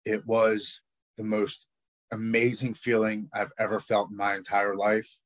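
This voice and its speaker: Halting low-voiced man telling his story. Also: monotone, fairly bright tone, no room sound. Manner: raw, halting, repeats words when emotional. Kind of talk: personal storytelling.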